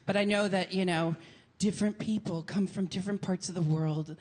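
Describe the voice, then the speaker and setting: A woman from Portland, Oregon, performing a theatrical stand-up set with camp flair and sudden shouted rants. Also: lowish voice, steady tone, a little fast. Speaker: stand-up comedian. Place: comedy venue with a laughing audience. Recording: live stage mic, audience noise.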